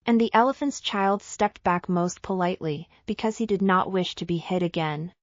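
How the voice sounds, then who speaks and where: A woman narrating a simple storybook for English learners, slow and careful. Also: fairly low pitch, no room sound, lo-fi sound.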